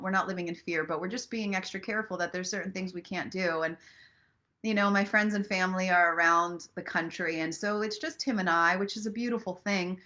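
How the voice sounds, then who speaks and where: A woman's voice: fairly low pitch, a bit bright. A middle-aged woman, a self-love coach, chatting casually and emotionally with viewers on a live stream, then reading aloud from a book. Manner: chatty, emotional, laughs often. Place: at home in Los Angeles.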